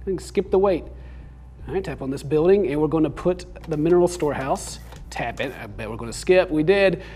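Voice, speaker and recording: A young man hosts a casual let's-play, rambling and joking as he taps through a game. His voice is slightly high for a man, and his pitch swings widely. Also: animated, brisk, dark tone, husky. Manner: goofy, rambling, self-amused. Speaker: gaming video host.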